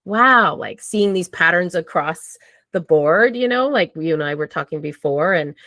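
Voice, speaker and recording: A woman's voice: deep voice, lively intonation, moderate pace, a bit bright, no echo. A woman talking candidly and casually as a podcast guest, swearing freely and acting out her own thoughts. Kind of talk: casual conversation.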